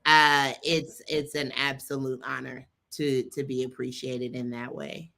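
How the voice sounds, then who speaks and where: A woman pastor speaks as a guest on a video-call interview. Her voice is low yet bright and forward. She is frank and joking and drives points home by repeating them. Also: little pitch movement, unhurried, gravelly. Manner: frank, joking, emphatic repetitions. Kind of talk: casual interview talk.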